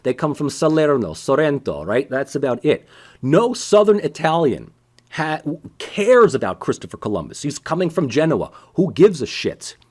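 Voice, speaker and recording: A man's voice: a little high, big pitch swings, normal speed. A man giving a casual, conversational political science lecture with sarcastic asides.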